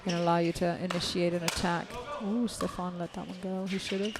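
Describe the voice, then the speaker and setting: A woman's voice: fairly low pitch, little pitch movement, fairly quick, very noisy. A woman commentating a live match, explaining play in a conversational way. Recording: loud music behind.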